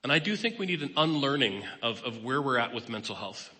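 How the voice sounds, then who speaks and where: A man's voice: mid-range voice, sing-song, fairly quick, pushed and bright. Man, 50s, guest speaker and therapist, candid sermon delivery, reverberant hall. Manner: candid, personal, plain-spoken. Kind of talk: conversational sermon. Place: church hall. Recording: long reverb of a large hall.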